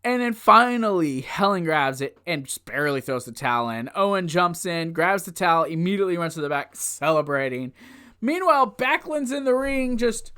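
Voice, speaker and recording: A man giving a casual, rambling recap of an old wrestling event, easily excited and laughing often as he goes. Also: sits high, moderate pace, clean tone. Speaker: wrestling show reviewer.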